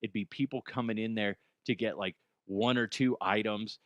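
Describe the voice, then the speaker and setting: A man's voice: fairly low pitch, steady tone, moderate pace, dry recording, dull audio. A man hosting a comedy podcast, telling stories in a loose, profane way with stammered restarts. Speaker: podcast host. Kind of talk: comic storytelling.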